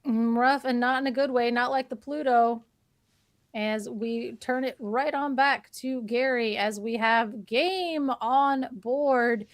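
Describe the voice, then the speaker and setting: A woman casting a live card game match, talking quickly and rambling, and she laughs often as she calls the plays. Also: on the high side, dry recording. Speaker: caster.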